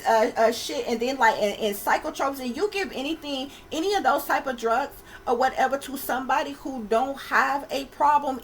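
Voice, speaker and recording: A woman with a fairly high voice rants straight to her viewers, swearing freely and hammering her points with repetition. She keeps turning to her audience as y'all. Faint music plays behind her. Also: rough recording. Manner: profane, emphatic, repetitive, addresses viewers as y'all. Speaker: channel host and psychic reader. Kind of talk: casual rant to camera.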